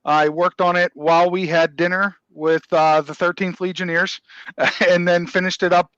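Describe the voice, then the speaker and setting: A male craftsman answering as a guest, explaining his handwork in a plain, matter-of-fact way. His voice is high and smooth, and the recording is dry and a bit dull. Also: level tone, moderate pace, a bit bright, no room sound. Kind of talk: casual explanation.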